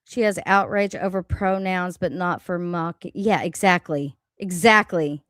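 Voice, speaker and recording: Slow, profane woman ranting on a livestream. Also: fairly low pitch, a bit bright, no echo. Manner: profane, blunt, laughing often. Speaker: livestream host. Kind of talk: casual live-stream rant.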